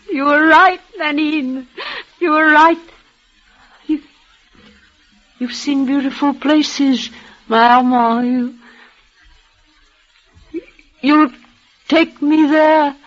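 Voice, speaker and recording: An actress voicing a dying, devoted young woman in an old radio drama, speaking in breathless, halting, emotional bursts. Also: high-pitched, fairly bright tone. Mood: tender. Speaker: leading lady in a radio play. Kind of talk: 1940s radio acting. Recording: dull lo-fi old radio recording.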